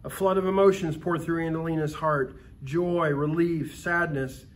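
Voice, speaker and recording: A man reading a Christmas story aloud in a calm, expressive storytelling manner, with occasional small slips. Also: on the high side, normal speed. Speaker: story reader.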